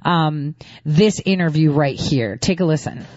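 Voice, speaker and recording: A woman's voice: low-pitched, animated, a little slow, darkish tone, dry recording, highs cut off. Sarcastic woman commenting on news. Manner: sarcastic, indignant. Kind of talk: opinion commentary over news clips.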